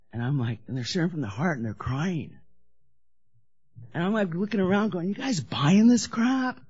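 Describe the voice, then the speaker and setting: A woman's voice: a bass voice, a little mellow. A woman candidly telling her story of drinking and recovery, blunt and profane, acting out the people she quotes. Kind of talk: candid personal recovery talk. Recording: dull lo-fi recording.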